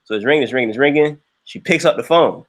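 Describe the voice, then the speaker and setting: A young man hosting a livestream, telling a story in a casual, animated way and jumping into high voices when he quotes people. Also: fast. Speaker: livestream host.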